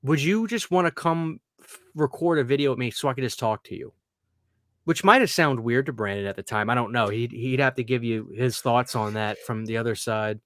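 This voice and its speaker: A man hosting a podcast, telling stories in a rambling, excitable, casual way. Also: medium pitch, fairly quick, no echo, studio quality. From Louisiana, US. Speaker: podcast host. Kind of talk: casual chat.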